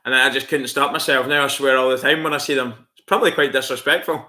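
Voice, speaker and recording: A man's voice: mid-range voice, steady tone, fast talker, pushed and bright. A Scottish man chatting casually on a live stream, swearing freely and laughing often as he answers viewers. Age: adult with school-age kids.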